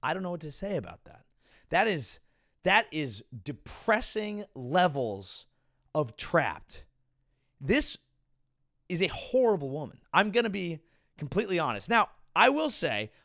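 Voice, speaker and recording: Male comic host, sarcastic rant, gravelly and lively. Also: high-pitched, a little slow. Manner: sarcastic, mocking, lively riffing. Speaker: comedian and host. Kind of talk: comedic podcast rant.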